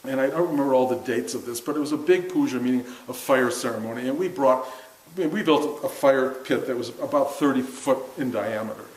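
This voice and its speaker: A man's voice: medium pitch, a little fast, darkish tone. An older man telling a long personal story to a group, self-mocking, acting out what people said in a raised voice. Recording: roomy room with faint hiss.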